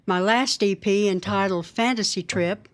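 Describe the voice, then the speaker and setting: A woman musician answering interview questions in a measured way, listing things as she goes. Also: medium pitch. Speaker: guest musician.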